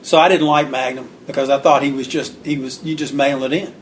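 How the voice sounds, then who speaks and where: A man guest on an interview, telling stories in an animated way, acting out what people said and clearing his throat now and then. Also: medium pitch, brisk, a little hiss or hum. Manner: animated storyteller acting out quotes. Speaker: guest author. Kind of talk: storytelling interview.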